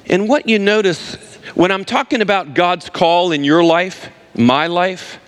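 A man's voice: high-pitched, measured pace, smooth. A man preaching a sermon, emphatic and repeating words for stress while he talks straight to his listeners.

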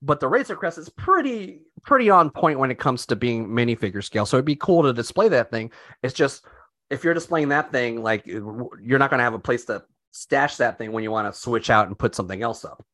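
A man's voice: mid-range voice, expressive, a little fast, fairly bright tone, no echo, clean studio sound. A man co-hosting a podcast in casual chat, rambling with many restarts and swearing freely. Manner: rambling, profane, lots of restarts. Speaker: podcast co-host.

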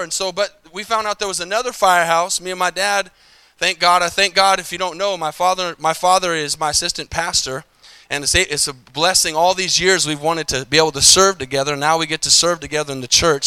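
Pastor storyteller, male, bright crisp voice, conversational sermon style. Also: sits high, no room sound. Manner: conversational storytelling preacher, playful asides. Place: church sanctuary.

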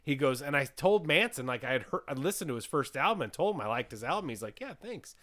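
A man's voice: medium pitch, quick pace. A man hosting a podcast in casual chat, retelling a story and quoting people with lots of "he goes". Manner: animated storyteller, retells quotes with repeated "he goes". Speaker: podcast host.

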